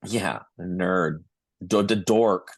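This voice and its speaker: Blunt low-voiced podcast man. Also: takes it slowly, slightly rough, no echo. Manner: blunt and dismissive. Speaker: podcast co-host. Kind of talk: casual chat.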